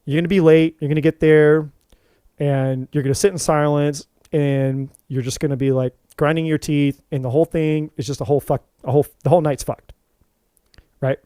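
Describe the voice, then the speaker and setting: A man hosting a spiritual talk to camera, telling an animated story, swearing freely, and often restarting his sentences. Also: fairly high pitch, normal speed, smooth, no room sound. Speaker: tarot reader and spiritual channel host.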